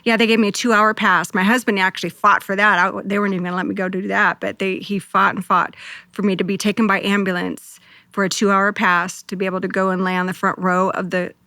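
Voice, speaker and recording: A woman, a co-pastor, telling a deeply emotional personal story in an earnest, heartfelt way, often quoting her own prayers. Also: flat delivery, fast, pushed and bright, no echo. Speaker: co-pastor and guest.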